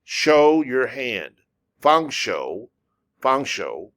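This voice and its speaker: Slow, patient male language teacher. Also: medium pitch, sing-song, fairly bright tone. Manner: drills words over and over, patient. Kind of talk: slow, repetitive language lesson.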